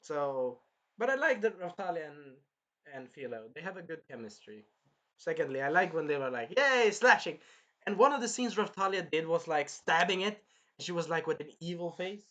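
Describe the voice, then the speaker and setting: A man with a bright, forceful voice that sits a little high. He rambles through a casual anime review, swearing freely and breaking into quoted lines of dialogue. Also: expressive, normal speed, muffled recording.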